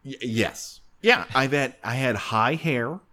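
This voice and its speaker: A man's voice: mid-range voice, takes it slowly. A man co-hosting a podcast, joking and laughing often in casual comedic chat. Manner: joking, animated, frequent laughs. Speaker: podcast host.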